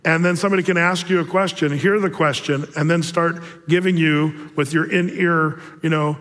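A man's voice: on the high side, steady tone, normal speed, a bit bright. Man, pastor, casual sermon, joking asides, echoing hall. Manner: chatty, digressive, joking asides. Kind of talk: casual prophecy-update sermon.

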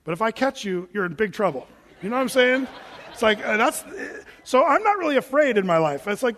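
A pastor preaching a sermon in a joking, animated way, acting out quoted voices as he goes. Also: high voice, fairly quick. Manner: jokey, acts out quoted voices; self-described big guy. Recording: long reverb of a large hall.

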